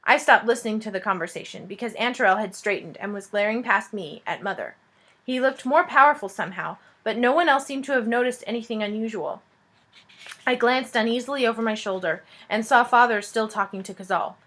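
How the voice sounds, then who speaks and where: Expressive woman reading a children's book aloud. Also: on the high side, fairly quick. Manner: lively, expressive. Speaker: reader. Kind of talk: storybook read-aloud narration.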